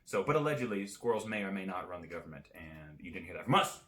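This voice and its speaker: A man's voice: low-pitched, fast. Goofy young man in an echoey room. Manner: goofy, animated, joking. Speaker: podcast co-host. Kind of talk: casual comedic banter. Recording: echoey room with faint hiss.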